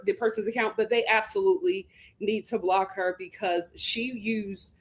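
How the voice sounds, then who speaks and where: Indignant woman commenting on reality TV. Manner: animated, indignant, laughs and jumps up in pitch when quoting herself. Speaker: commentary channel host.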